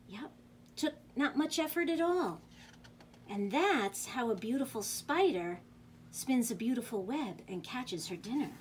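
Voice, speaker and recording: Youth librarian, female, slightly high voice, slow and singsong, gentle storytime read-aloud with a craft demo. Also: animated, a little hiss or hum.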